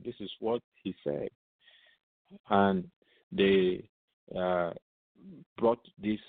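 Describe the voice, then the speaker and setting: On a radio programme, a man teaches the Bible, posing rhetorical questions and answering them himself while frequently repeating words. His voice is on the low side, with no room sound, and the recording has a narrow, phone-line radio quality.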